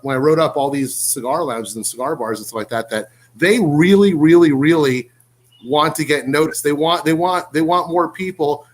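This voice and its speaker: A man talking as a podcast guest in casual chat, an animated storyteller who swears casually. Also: a little high. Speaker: guest, cigar writer and language teacher.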